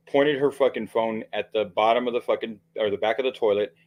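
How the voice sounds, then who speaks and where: A man giving heated, profane livestream commentary, rambling with frequent restarts and fillers. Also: mid-range voice.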